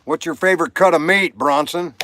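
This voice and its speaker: A man's voice: a little high, brisk, sharp tone, slight background noise. A man hosting a casual livestream, rambling between topics and talking to viewers by name. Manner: rambling, reads viewer comments aloud. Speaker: livestream host. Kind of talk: casual chat.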